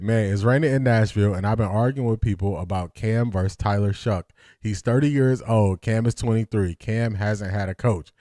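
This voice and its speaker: A man hosting a casual live sports stream, greeting chat by name and repeating his points, his voice still rough from the morning. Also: medium pitch, no echo, clean studio sound. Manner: relaxed, talks straight to chat, repeats lines for emphasis.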